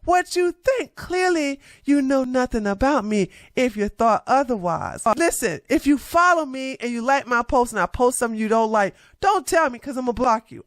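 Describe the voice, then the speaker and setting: A woman vlogger reacting to social media replies in a brash, sassy, confrontational way, with loud laughs. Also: on the high side, no echo, studio quality. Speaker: commentary vlogger.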